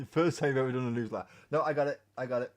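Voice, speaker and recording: A man's voice: medium pitch, fairly even intonation, fast. A man hosting a casual live stream while painting miniatures, rambling, joking and swearing freely. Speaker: hobby streamer. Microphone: webcam mic.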